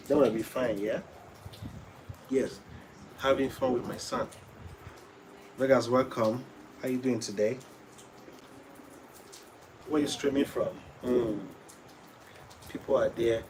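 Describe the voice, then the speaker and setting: Guy live streaming with his kid, slow easygoing talk, keeps coaxing and repeating, faint noise behind. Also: mid-range voice, darkish tone, low-quality recording. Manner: playful, coaxing, repeats himself a lot. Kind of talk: casual live-stream chat.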